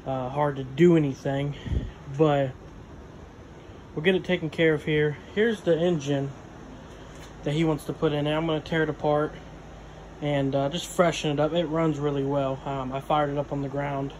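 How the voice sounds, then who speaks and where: A man's voice: on the high side, a little mellow, a little hiss or hum. A man narrating casually while he works on a vehicle in his home garage, rambling with lots of fillers and sometimes out of breath. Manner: rambling, filler-heavy, talks while wrenching. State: out of breath at times. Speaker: garage vlogger. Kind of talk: casual work-along narration.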